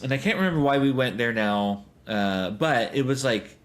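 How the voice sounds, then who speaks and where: A man's voice: medium pitch, expressive, normal speed. A man in his thirties hosting a podcast, telling rambling stories full of fillers and chuckles. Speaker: podcast host. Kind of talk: casual podcast chat.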